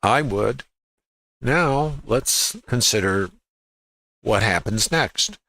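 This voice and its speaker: Emphatic man teaching trades, bright voice. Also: fairly low pitch, lively intonation, very slow, no room sound, rough recording. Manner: emphatic, repeats key words, asks rhetorical questions. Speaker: trading educator. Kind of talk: live trading chart walkthrough.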